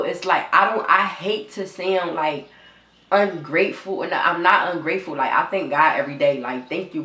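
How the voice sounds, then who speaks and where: A woman's voice: sits low, sharp tone, echoey room. A young woman telling her story straight to viewers in a vlog, near tears, raw and repetitive, swearing often. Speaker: vlogger.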